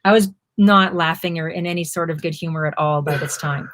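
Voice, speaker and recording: A woman's voice: sits low, a little fast. A woman from Canada, co-hosting a live stream and vividly recounting a motorcycle trip in a casual chat. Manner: vivid, expressive storyteller. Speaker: co-host, motorcycle traveller. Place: home during quarantine.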